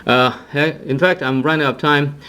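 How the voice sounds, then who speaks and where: A man's voice: a little high, fairly even intonation, fairly quick, pushed and bright, clean tone. A man teaching a casual online language lesson, demonstrating tones with sung phrases and often checking in with "right?". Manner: sings short phrases and repeats syllables to demonstrate tones; frequent "right?" check-ins and restarts. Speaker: Cantonese teacher.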